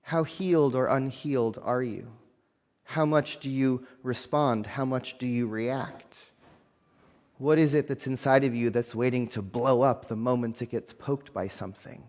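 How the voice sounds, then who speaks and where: A man's voice: medium pitch, unhurried, darkish tone, in a large hall. A man preaching a sermon as a minister, earnest and building emphasis through repeated phrases.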